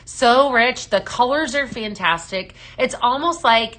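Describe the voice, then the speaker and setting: A woman hosting a live home-fragrance sales stream, chatting casually, greeting viewers by name and filling pauses with ums. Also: a little high, expressive, pushed and bright. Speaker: live shopping show host.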